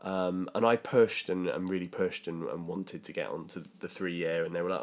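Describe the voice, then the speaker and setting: Deep-voiced young British man, chatty. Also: fairly even intonation, moderate pace. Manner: chatty storytelling, lots of ums and likes. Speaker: podcast co-host. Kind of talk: casual chat.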